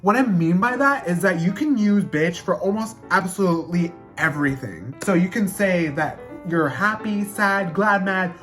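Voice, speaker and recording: A woman's voice: fairly low pitch, lively intonation, moderate pace, hardly any pauses, fairly bright tone, faint music behind. Brash, profane young woman vlogger. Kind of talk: casual explainer vlog.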